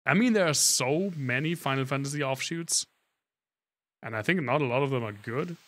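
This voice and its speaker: A man's voice: medium pitch, animated, normal speed, fairly bright tone. A man streaming a video game, talking casually and thinking aloud, often trailing off and restarting his sentences. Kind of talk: live-stream gameplay commentary.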